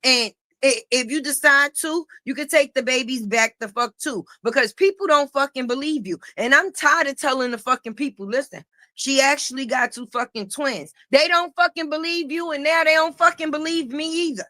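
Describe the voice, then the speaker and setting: A high-pitched, bright-toned middle-aged woman lays into her target in a profane livestream rant. She taunts and repeats herself, close to the mic in a dry room. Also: normal speed, few pauses, no room sound. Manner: confrontational, repetitive taunting. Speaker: livestream commentator.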